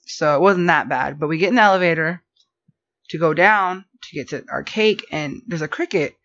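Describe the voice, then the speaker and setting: A woman telling a rambling story in casual podcast chat, animated and full of fillers. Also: deep voice, normal speed. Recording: dull lo-fi podcast audio.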